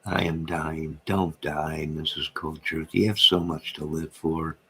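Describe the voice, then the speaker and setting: A man's voice: very deep voice, fairly even intonation, unhurried, bright, forceful tone, husky. A man hosting a late-night livestream from home, bantering and joking in a rambling way as he answers his viewers' comments. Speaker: livestream host reading chat.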